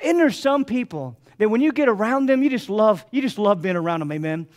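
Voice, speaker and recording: High-voiced fervent male preacher. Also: expressive, a little fast, darkish tone. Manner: fervent, repetitive preaching cadence. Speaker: pastor. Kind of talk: sermon. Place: church sanctuary.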